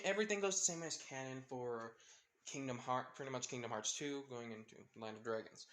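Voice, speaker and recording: A man's voice: medium pitch, fairly bright tone. A man casually retelling a fan-made crossover story. He rambles and loops back on himself, with plenty of fillers and restarts along the way.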